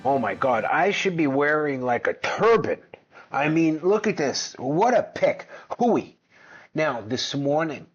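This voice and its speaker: A man with a somewhat high voice chats loosely through a finance screen share, brash and quick to swear. He jumps from number to number in an excited, offhand way. The mic sounds a bit dull and lo-fi. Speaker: finance video host. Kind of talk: casual screen-share commentary.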